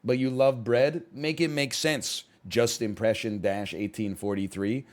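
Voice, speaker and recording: A man streaming live, chatting casually while he plays a game, rambling and often rising to loud outbursts. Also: mid-range voice, steady tone, unhurried.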